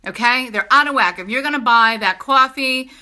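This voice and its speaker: A middle-aged woman with a New York accent gives an emphatic, persuasive sales pitch in a casual style, often pressing her point with a repeated "okay?". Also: a little fast, bright, forceful tone. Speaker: product seller.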